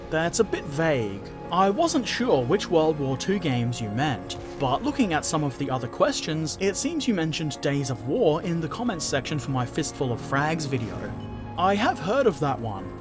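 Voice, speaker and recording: A man hosting a gaming channel, casually answering viewer comments with jokes and silly put-on voices. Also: fairly high pitch.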